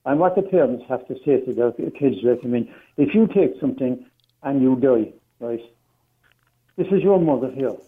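A man calling a radio show, speaking as a parent in a forceful, insistent way. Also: medium pitch, animated, moderate pace. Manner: forceful, insistent, repeats for emphasis. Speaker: phone-in caller, parent. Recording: phone line.

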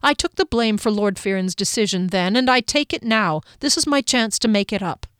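A woman's voice: a little high, expressive, a little fast, a bit bright, no echo, clean studio sound, voice pushed up. Woman reading a stubborn young heroine, blunt, defiant, a touch raised.

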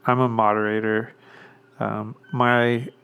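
A man hosting a casual solo podcast, rambling along with many pauses and restarts and chuckling at himself now and then. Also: fairly low pitch, level tone, gravelly, fairly bright tone, clean tone. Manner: chuckles self-consciously. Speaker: podcast host.

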